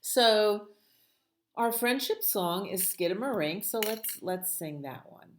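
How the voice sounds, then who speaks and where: A woman librarian reading a picture book aloud at a children's storytime, playful and expressive with sound words. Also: medium pitch, slow, slight background noise.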